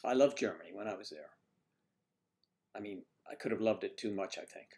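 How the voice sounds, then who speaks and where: A man's voice: fairly low pitch, a little fast, gravelly, mellow. A man hosting a casual livestream, chatting with viewers and reading their comments, teasing and muttering asides to himself.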